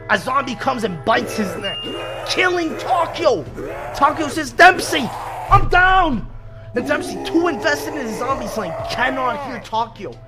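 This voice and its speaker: Brief: young male narrator, high and bright, comic read-aloud, faint music under. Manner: joking asides, swearing.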